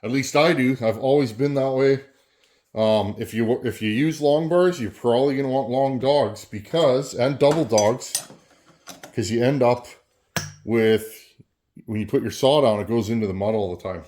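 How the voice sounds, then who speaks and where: A man's voice: mid-range voice, normal speed, dark tone, slight background noise. A man hosting a casual workshop vlog, chatty and rambling as he works with his tools, sometimes moving off the camera mic. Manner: chatty and rambling, talks while working with tools. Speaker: chainsaw channel host.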